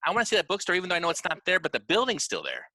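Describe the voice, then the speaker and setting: A man's voice: high-pitched, huge pitch swings, bright, forceful tone, no room sound, rough recording. A man co-hosting a podcast, chatting eagerly about travel. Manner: eager, talks in quick bursts of enthusiasm. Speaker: podcast co-host. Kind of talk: casual chat.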